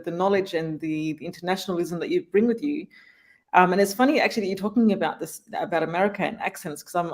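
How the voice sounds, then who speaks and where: A panel guest on a video call telling animated stories and laughing often. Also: medium pitch. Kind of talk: live panel conversation.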